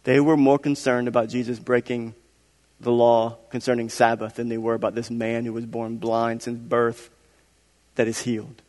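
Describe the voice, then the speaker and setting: A man's voice: mid-range voice, little pitch movement, normal speed, darkish tone. A man preaching a sermon, reading scripture aloud and breaking off with conversational asides and rhetorical questions. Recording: long hall reverb.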